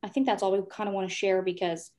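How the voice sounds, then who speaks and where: A woman's voice: medium pitch, steady tone, fast talker, a little mellow. A woman co-hosting a library podcast, enthusiastic and rambling as she talks with a guest author. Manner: enthusiastic, rambling, gets emotional. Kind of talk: podcast interview.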